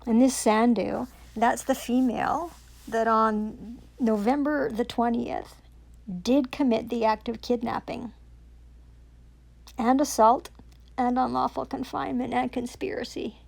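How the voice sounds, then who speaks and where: A woman's voice: a little high, steady tone, measured pace, creaky, a little mellow. A woman, ranting angrily and profanely into her own recording, sarcastic and accusing. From Canada. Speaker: self-recording vlogger. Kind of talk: angry rant to camera.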